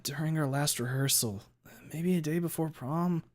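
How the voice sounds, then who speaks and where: A man's voice: fairly high pitch, normal speed, pitched above the performer's own voice, lightly acted. A man reading aloud voices a tailed young male creature who talks bluntly, swears and growls. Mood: nervous. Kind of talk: read-aloud story voicing.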